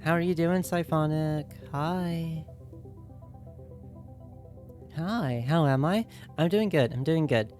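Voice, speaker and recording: A woman's voice: sits low, unhurried, darkish tone, faint music behind. A woman streaming games and chatting casually with viewers, playful and teasing, often giggling.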